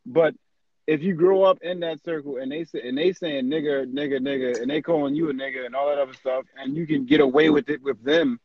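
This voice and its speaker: A man's voice: on the high side, a little fast, dull audio, a crowd in the background. A young man in casual chat, talking frankly and emphatically, repeating words for stress.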